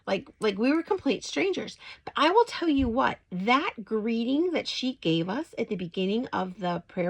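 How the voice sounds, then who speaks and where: Slightly high and gravelly, this middle-aged woman's voice comes through poor audio. As a Christian faith vlogger, she casually recounts a personal story with lots of fillers, her excitement rising when she retells greetings, then draws a devotional message from it.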